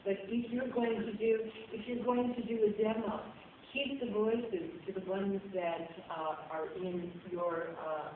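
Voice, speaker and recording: A woman's voice: mid-range voice, steady tone, measured pace, phone-quality sound, a little hiss or hum. Woman voice actor advising on a panel. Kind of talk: panel talk, giving advice. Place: convention panel room. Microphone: audience member's cell phone. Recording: echoey hall on a phone from far off.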